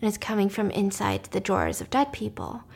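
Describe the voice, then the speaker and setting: A woman casually retelling the plot of a drama, animated and dropping to a whisper at tense moments. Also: medium pitch, a little fast, gravelly, breathy edge. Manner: animated, drops to a whisper for suspense. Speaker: storyteller recapping a drama. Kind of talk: casual storytelling recap.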